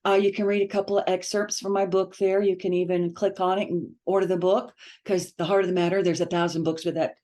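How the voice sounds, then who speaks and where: A woman's voice: lowish voice, level tone, fast, few pauses, dark tone. A woman guest on a casual podcast interview, laughing often and repeating her words for emphasis. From United States. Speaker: author and guest.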